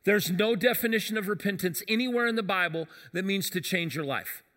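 A man preaching a sermon as pastor, telling a lively story and acting out the voices of the people in it. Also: high voice, brisk. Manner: animated storyteller acting out quotes. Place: church sanctuary. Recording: long hall reverb.

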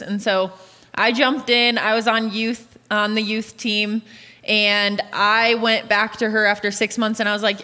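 A woman's voice: medium pitch, little pitch movement, normal speed, bright, forceful tone. A woman in her late twenties, a youth pastor, answering interview questions in an earnest, candid way. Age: late 20s. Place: church auditorium stage. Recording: long reverb of a large hall.

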